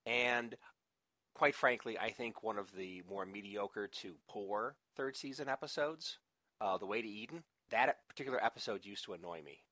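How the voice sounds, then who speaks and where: A man's voice: on the low side, normal speed, sharp tone, no room sound. A man co-hosting a podcast, chatting casually and rambling with restarts and laughter. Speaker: podcast co-host. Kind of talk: casual chat.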